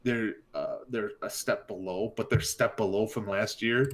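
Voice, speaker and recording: A man co-hosting an esports talk show, giving his views in a relaxed way, with plenty of likes and ums. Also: on the low side, normal speed. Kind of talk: casual esports podcast chat.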